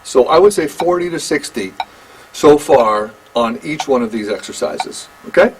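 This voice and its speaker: An older man giving a one-on-one drum lesson, talking in a halting, conversational way and counting beats aloud. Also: on the high side, lively intonation, background noise. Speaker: drum teacher.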